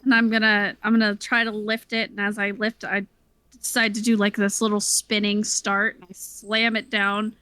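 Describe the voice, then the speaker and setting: A woman playing a tabletop game, describing her character's actions in a lively way. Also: mid-range voice, normal speed, clean tone, no room sound. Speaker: player. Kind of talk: casual tabletop play.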